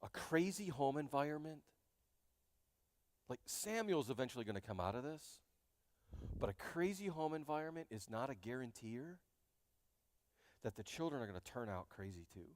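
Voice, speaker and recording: A man preaching a sermon as pastor, animated and joking, speaking straight to his congregation in a church. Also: medium pitch, normal speed, pauses often, no room sound, long reverb tail. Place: church sanctuary.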